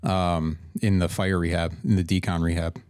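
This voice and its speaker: Low-ish guy rambling thru a story, cursing, dry close sound. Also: flat delivery, normal speed, a little mellow, smooth, no room sound. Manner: rambling, profane, restarts sentences. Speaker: podcast guest, emergency responder. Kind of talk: casual storytelling.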